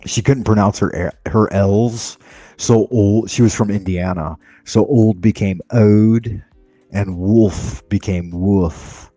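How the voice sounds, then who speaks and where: A man's voice: fairly low pitch, fairly even intonation, measured pace, hardly any pauses, mellow, no echo. Brief: a casual man, rambling and profane, a dry voice over a faint music bed. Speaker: livestream host. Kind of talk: casual chat.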